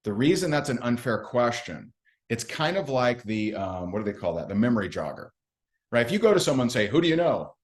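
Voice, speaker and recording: A man's voice: medium pitch, sing-song, a little fast. A man giving a recruiting training talk, telling stories in a chatty, self-mocking way and acting out what people said. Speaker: network marketing trainer.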